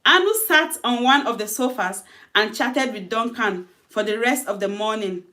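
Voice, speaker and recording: A woman with a somewhat high voice tells her own short story in a relaxed, chatty way. She talks through the dialogue loosely and corrects herself mid-sentence. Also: normal speed. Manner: loose, conversational retelling with self-corrections.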